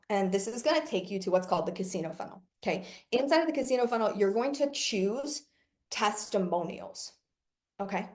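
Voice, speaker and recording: A woman's voice: mid-range voice, animated, fairly quick, darkish tone. Brash, profane woman coach. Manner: brash, profane, laughs often. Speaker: business coach. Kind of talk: casual coaching monologue.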